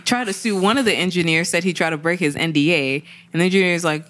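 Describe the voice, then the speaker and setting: A woman's voice: fairly low pitch, quick pace. A woman co-hosting a podcast, telling a news story in casual chat, acting out the people she quotes. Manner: animated storytelling, acts out quoted voices. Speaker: podcast co-host.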